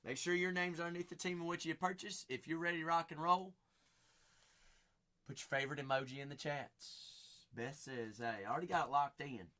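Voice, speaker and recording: A man hosting a live card break stream, rattling off buyers' names with playful, sing-song banter and sudden loud bursts. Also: a little high, steady tone, a little fast.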